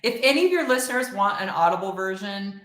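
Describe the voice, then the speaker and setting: Animated woman storyteller, echoey room. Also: mid-range voice, fast. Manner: animated storyteller, laughs often, acts out quotes. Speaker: podcast guest. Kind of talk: casual chat.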